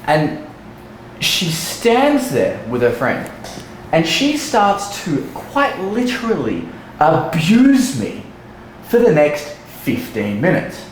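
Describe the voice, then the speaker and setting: A man's voice: on the high side, huge pitch swings, slow pace, a little hiss or hum. A young man, a dating coach, telling a story casually in a blunt, profane way. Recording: echoey room.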